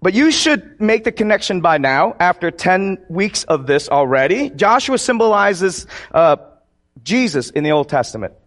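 High-voiced man preaching casually. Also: sing-song, normal speed, a bit bright. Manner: conversational, joking with congregation. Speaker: pastor. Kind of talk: sermon.

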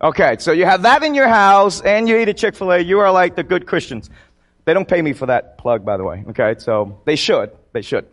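A man's voice: sits high, lively intonation, a little fast, a bit bright. A man preaching a sermon to his congregation in a conversational, joking way. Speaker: pastor.

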